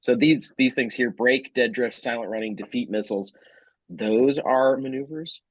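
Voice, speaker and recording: A man's voice: medium pitch, moderate pace, no echo, rough recording. Man explaining rules, dry close sound. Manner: helpful, explanatory. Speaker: player.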